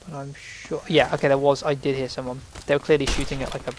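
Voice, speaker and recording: A man's voice: medium pitch, flat delivery, fast, background noise. A man giving rambling, casual commentary while playing a video game, sometimes swearing when startled. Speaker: let's play host.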